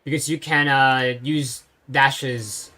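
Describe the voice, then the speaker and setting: A game streamer giving casual let's-play commentary, thinking aloud and pausing often with fillers. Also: medium pitch, fairly even intonation, pushed and bright.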